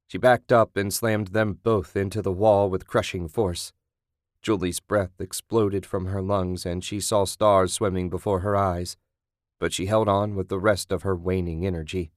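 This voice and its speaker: A man narrating a graphic horror audiobook in a steady, scripted delivery. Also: sits low, unhurried, dry recording, clean studio sound.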